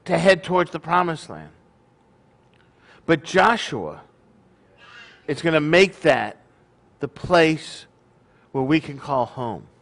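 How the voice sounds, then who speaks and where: A man's voice: high-pitched, fairly bright tone. A middle-aged man leading his congregation with a folksy, joking sermon, often poking fun at himself. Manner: folksy, joking, self-deprecating. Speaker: congregation leader.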